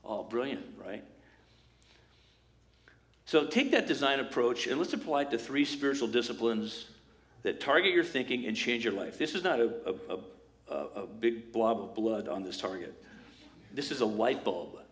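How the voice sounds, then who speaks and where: A man's voice: mid-range voice, moderate pace. Conversational male pastor preaching. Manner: lively, conversational, acts out quoted voices. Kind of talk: sermon.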